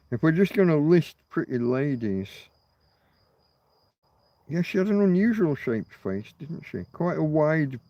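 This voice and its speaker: A middle-aged man rambles through an unstructured livestream, thinking out loud and dropping the odd curse. His pitch sits in the middle of the male range. He is outdoors at night. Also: dry recording, highs cut off. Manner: rambling, muses aloud and swears casually. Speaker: livestream host. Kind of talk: rambling casual livestream chat.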